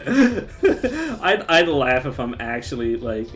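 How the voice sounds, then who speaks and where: A man's voice: medium pitch, moderate pace, faint music behind. A man streaming live, chatting casually, often breaking into laughter and restarting his sentences.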